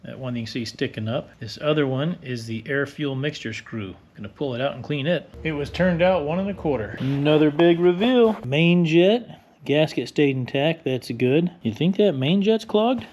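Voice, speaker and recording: A man's voice: a little high, animated, normal speed, darkish tone, a little hiss or hum. An older man wisecracking bluntly as he walks through a motorcycle repair in his garage, in casual how-to narration. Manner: wisecracking, blunt, explains as he works. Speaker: motorcycle restorer.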